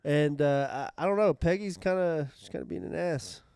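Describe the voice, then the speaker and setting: A man's voice: on the high side, normal speed, gravelly, darkish tone, clean tone, no room sound, studio quality. A man co-hosting a podcast, chiming in with laid-back short remarks in casual chat. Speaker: podcast co-host.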